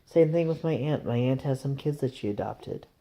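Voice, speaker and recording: A man's voice: mid-range voice, moderate pace, gravelly, mellow. A man telling a rambling, conversational story to camera in a casual vlog. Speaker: vlogger.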